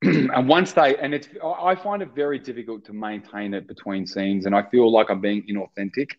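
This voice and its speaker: An Australian actor in casual interview chat, rambling with many restarts and fillers. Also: male voice, fairly low pitch, brisk, a little mellow, lo-fi sound. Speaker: actor guest.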